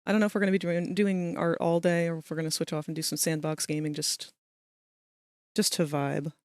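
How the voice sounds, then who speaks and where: A young adult woman hosts a livestream, chatting casually with friends, giggling often and talking over them. Her voice is on the low side and darkish, with little pitch movement and a fairly quick pace, in a studio-quality recording with no room sound.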